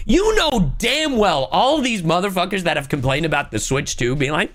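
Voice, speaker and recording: Young woman streamer, wildly swinging pitch. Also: big pitch swings, a bit bright. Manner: exasperated, swearing, rapid-fire ranting; reads viewer chat and thanks subscribers. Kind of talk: ranting live-stream reaction.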